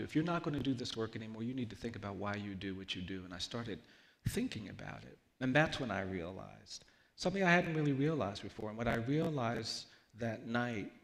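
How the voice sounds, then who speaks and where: A man speaking as a guest lawyer at a public event, telling a personal story in an earnest, slow way that drops to a hush. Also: medium pitch, vocal fry, big-room sound. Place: large event hall.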